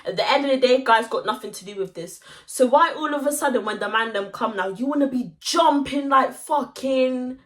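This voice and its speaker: A young woman telling a story to camera in a casual, animated way, full of slang and swearing. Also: high-pitched, normal speed, hardly any pauses. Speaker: vlogger. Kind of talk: casual story time monologue.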